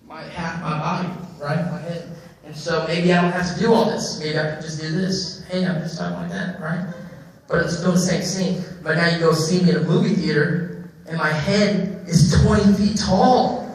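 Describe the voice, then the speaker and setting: Animated man on a convention panel, echoey. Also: fairly high pitch, moderate pace. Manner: animated, reflective, repeats words and uses "you know". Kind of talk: live panel talk answering questions. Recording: echoey hall from far off, faint noise.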